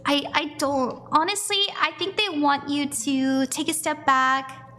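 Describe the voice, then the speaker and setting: Brief: high, bright-voiced woman, slow and easy tarot streamer who giggles often. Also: steady tone, faint music behind. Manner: giggly, chatty, reads chat aloud. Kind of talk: casual live-stream tarot reading.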